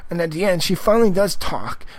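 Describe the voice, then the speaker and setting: A man's voice: high voice, animated, fairly quick, dry recording, low-quality recording. A man giving a casual spoken movie review, rambling and emphatic, with lots of fillers, restarts and swearing.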